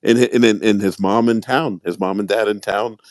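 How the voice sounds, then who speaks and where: A man with a Pittsburgh accent hosting a podcast, talking in a rambling, halting way with many fillers. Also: lowish voice, steady tone, a little mellow, no echo. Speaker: podcast host. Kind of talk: casual podcast chat.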